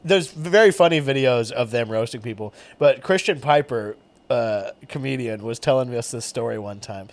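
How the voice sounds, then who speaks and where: A man's voice: medium pitch, moderate pace. A man co-hosting a comedy podcast who tells stories animatedly, laughs often and acts out the people he quotes. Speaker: podcast co-host. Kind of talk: casual comedy chat.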